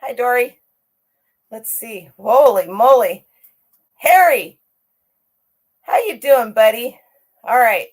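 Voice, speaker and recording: A woman's voice: on the high side, animated, slow, long pauses. A middle-aged woman hosting a casual livestream, chatty and upbeat as she greets viewers by name. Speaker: livestream host greeting chat.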